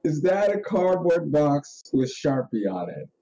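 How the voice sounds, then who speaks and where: A man's voice: a little high, big pitch swings, unhurried, dark tone, rough recording. A man hosting a podcast in casual chat, ranting in a rambling, profane way and laughing often. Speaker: podcast host.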